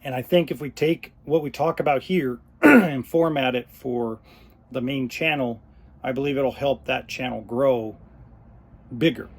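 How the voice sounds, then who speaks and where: A man hosting his own podcast, talking unscripted, choked up and pausing often. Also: mid-range voice, husky. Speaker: podcast host. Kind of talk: unscripted solo podcast talk.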